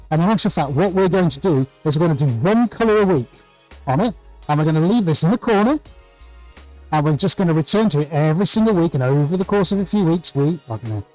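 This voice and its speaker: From his art studio, a man runs a live-stream painting demonstration, cheerfully chatting and welcoming viewers by name. His voice is on the high side and a little mellow, and the audio quality is poor.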